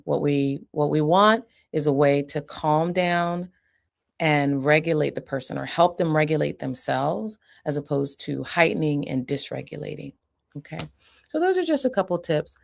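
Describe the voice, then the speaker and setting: A woman psychiatrist teaching on a live stream in a low, gravelly voice. She speaks calmly and deliberately, modeling the soothing phrases she recommends. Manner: calm, deliberate coaching with demonstrated calming phrases.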